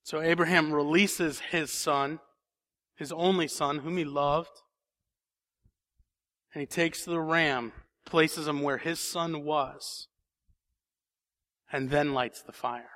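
A man's voice: on the high side, fairly even intonation, takes it slowly, long pauses, a bit bright. A man preaching a sermon in a church, reading scripture and then building to emphatic questions. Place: church sanctuary.

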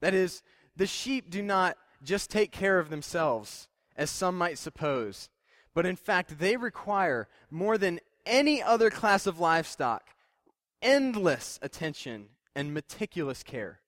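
A man's voice: sits high, animated, unhurried, fairly bright tone, no room sound, studio quality. Plain-spoken young man preaching a casual sermon. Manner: plain-spoken, self-deprecating, conversational with many fillers.

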